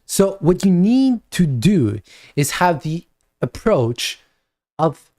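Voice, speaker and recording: A man giving a spoken video lecture with advice for parents, talking deliberately and repeating his points for emphasis. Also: high-pitched, big pitch swings, a little mellow.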